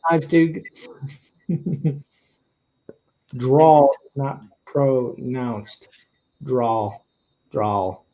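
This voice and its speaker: A man from the Florida Keys hosts a casual live-stream interview, rambling, restarting often and laughing easily. His mid-range voice is steady and very slow, with long pauses. The stream audio sounds dull and lo-fi.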